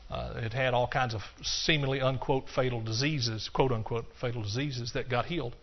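A man's voice: medium pitch, steady tone, moderate pace. A man preaching a sermon, emphatic and telling a story, with frequent restarts. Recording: dull lo-fi recording.

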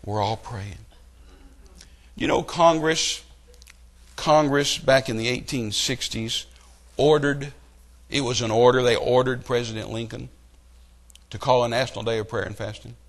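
Animated preacher man. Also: medium pitch, moderate pace. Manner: animated storytelling with rising outbursts. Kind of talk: sermon.

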